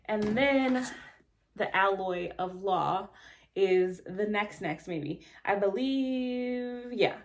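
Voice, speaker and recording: A woman's voice: mid-range voice, extremely slow. Chatty, rambling young woman book vlogger. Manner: rambling, chatty, self-mocking, many fillers and restarts. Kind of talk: casual chat to camera.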